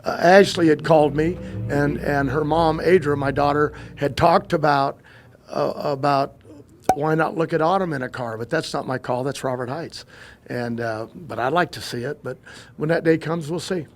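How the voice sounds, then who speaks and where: An older man, a guest in an interview, telling long family stories in a rambling, halting way with many restarts and fillers. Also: fairly high pitch, soft background music. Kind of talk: casual storytelling interview.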